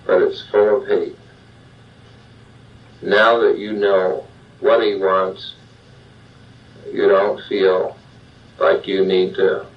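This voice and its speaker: An older man, a psychologist, giving a measured self-help talk straight to the listener. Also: deep voice, gravelly. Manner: plain, measured, addresses the listener directly. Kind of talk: slow guided self-help monologue. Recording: dull lo-fi sound, distant from the mic.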